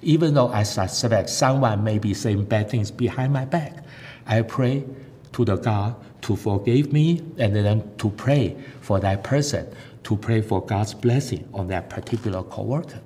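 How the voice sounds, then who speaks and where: A man giving a sermon testimony, earnest and halting, with frequent fillers and non-native grammar. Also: dark tone. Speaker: lay preacher giving testimony. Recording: echoey hall with faint rumble.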